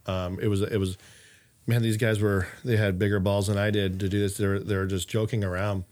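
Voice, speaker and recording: A man's voice: fairly low pitch, level tone, a little fast, a little mellow. Rambling man chatting on a podcast. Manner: rambling, filler-heavy storyteller. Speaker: podcast host. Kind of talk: casual chat.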